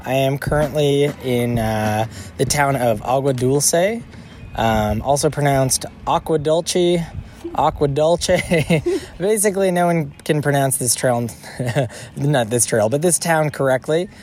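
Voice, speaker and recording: A man's voice: mid-range voice, a little slow, a little mellow, a little hiss or hum. A man hosting a casual podcast interview outdoors at a hiker hostel, upbeat and loose, laughing often. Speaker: podcast host.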